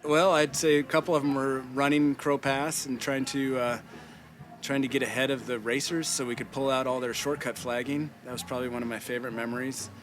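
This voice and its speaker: A man's voice: mid-range voice, level tone, brisk, noisy background. A man, a park ranger, casually sharing memories in a documentary interview. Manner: casual, reminiscing.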